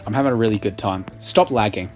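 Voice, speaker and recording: A man's voice: lowish voice, fast, over music. A young man giving casual gameplay commentary, sarcastic and exasperated and swearing a lot at the game. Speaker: gaming YouTuber.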